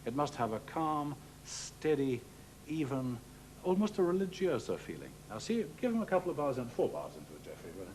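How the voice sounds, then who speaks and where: A man's voice: mid-range voice, very animated, fairly quick, a little mellow, slight background noise. A man teaching a clarinet masterclass, giving courteous, precise coaching. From England. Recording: old worn television transfer with music.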